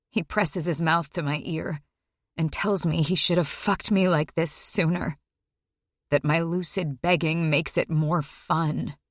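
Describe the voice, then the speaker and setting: A woman reading a dark first-person story aloud, tense and emotional, dropping low at grim moments. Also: no room sound, studio quality. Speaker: audiobook narrator.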